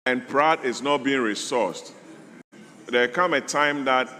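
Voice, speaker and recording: A man's voice: medium pitch, slow pace, pushed and bright, long reverb tail. A man with a Ghanaian accent, a member of parliament giving a formal, emphatic debate speech in a large chamber. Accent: Ghanaian English.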